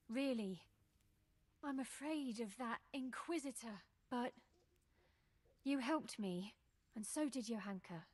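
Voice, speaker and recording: An actress playing a timid, kind-hearted young village girl who talks in a nervous, humble way. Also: fairly high pitch. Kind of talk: video game voice acting.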